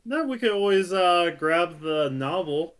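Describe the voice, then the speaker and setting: Male podcast co-host, slightly high voice, eager and tumbling over words in casual chat. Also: a little slow. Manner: excitable, stumbling restarts and laughs.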